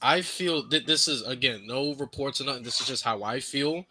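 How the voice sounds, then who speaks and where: A man's voice: medium pitch, normal speed, pushed and bright, slight background noise. A man co-hosting a casual wrestling podcast, chiming in with earnest, agreeable opinions. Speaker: podcast co-host.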